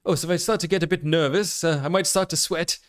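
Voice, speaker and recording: A man's voice: fairly high pitch, fairly even intonation, fast talker. An Australian man chatting casually on a live stream, rambling and self-amused with plenty of fillers. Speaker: VTuber streamer.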